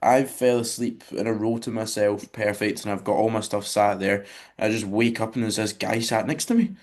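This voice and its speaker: A man's voice: lowish voice, little pitch movement, moderate pace, darkish tone. A young man co-hosting a podcast, telling a story in a laid-back, sweary way. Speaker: podcast co-host. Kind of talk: casual chat.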